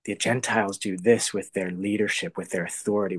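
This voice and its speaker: A man with a somewhat low voice talks through a faith topic in an unscripted, reflective way. He pauses, restarts and sometimes lets his voice sink almost to a whisper. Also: slightly rough. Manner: thoughtful, halting, often trails to a soft hush. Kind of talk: casual spoken reflection on faith.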